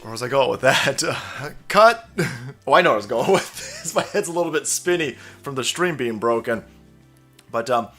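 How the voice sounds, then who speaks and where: A man's voice: fairly high pitch, a bit bright. A man hosting a ranting political commentary, sarcastic and mocking, swearing often and mimicking others in exaggerated voices, with laughs between lines. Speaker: commentary channel host.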